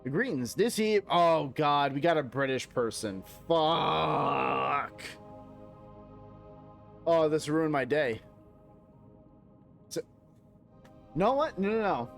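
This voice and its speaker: A man's voice: fairly high pitch, animated, takes it slowly, pauses often, faint music behind. A young American man streaming a game, chatting casually in a rambling, profane way and slipping into mock-outraged rants. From United States. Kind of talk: casual gameplay chat.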